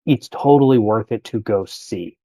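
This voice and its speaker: A man's voice: fairly low pitch, moderate pace, dark tone, no echo. A man, chatting casually as a podcast guest about his travels, rambling and correcting himself as he goes.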